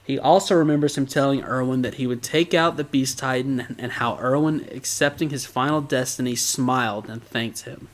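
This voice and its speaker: A man co-hosting a podcast, recapping episodes in a casual, animated way and laughing often. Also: mid-range voice, moderate pace, hardly any pauses.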